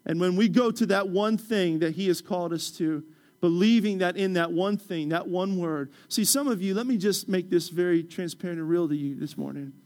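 A man's voice: high voice, moderate pace. Impassioned man preaching a sermon. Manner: impassioned preaching, rising loud then dropping soft. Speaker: pastor. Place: church.

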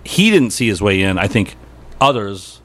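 A man's voice: fairly low pitch, sing-song, normal speed, fairly bright tone. A middle-aged man, a comedy writer guest, telling wry anecdotes in a casual podcast chat. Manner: wry, anecdotal, quotes people in voices.

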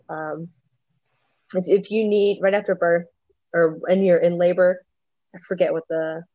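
Low-voiced woman, dry lo-fi interview. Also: a little mellow, no echo. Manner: reflective, conversational, many restarts and fillers. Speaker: guest describing her births. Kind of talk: casual interview storytelling.

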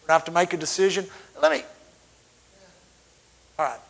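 A middle-aged man delivers a sermon, telling stories from the pulpit with fervor. His voice sits somewhat high for a man. He swings from loud, surging lines to quiet asides. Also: sing-song, brisk, vocal fry, low-quality recording. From Texas. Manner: fervent storytelling with sudden loud swells and drops. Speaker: preacher.

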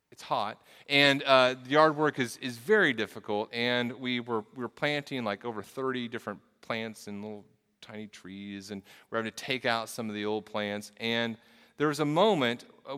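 A man delivers a sermon in an earnest, storytelling way, often restarting his phrases and repeating words. His voice is bright and forceful. It rings out with the long reverb of a large hall. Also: mid-range voice, clean tone. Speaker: pastor.

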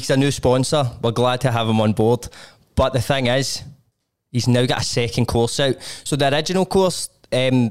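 A man with a Scottish accent, telling a story in casual podcast chat, animated and sweary. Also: mid-range voice, smooth. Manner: animated storytelling, heavy swearing, laughs often.

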